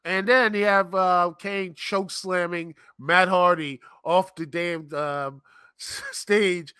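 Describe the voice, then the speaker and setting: A man's voice: high voice, fairly even intonation, slow pace, bright, forceful tone, clear, resonant tone, no echo, studio quality. A man hosting a live-stream show, ranting in an exasperated, rambling, sarcastic way. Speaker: podcast host. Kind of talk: live-stream commentary rant.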